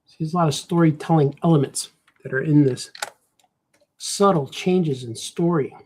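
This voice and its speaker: Streaming as he draws, an easygoing Chicago cartoonist chats casually about his work, muttering to himself and frequently saying "man." He speaks at normal speed in a slightly high voice that is a little mellow and slightly rough.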